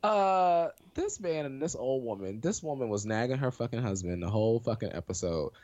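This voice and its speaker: A woman co-hosting a casual chat, telling stories in an animated, profane way. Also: a bass voice, moderate pace, muffled recording. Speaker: podcast co-host.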